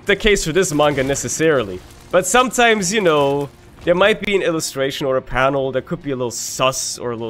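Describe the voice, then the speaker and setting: A young man with a slightly high voice rambles through casual gameplay commentary, swearing freely. He swings from loud, excited bursts to low mutters, with soft game music in the background. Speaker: gaming YouTuber.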